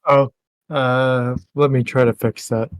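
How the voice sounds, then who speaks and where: A tired man chatting casually as a caller on a stream. His voice comes over a voice call, dry and close with no room sound, in a middle-pitched, apologetic and playful manner. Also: steady tone, takes it slowly, clean tone, no room sound. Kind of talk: casual chat.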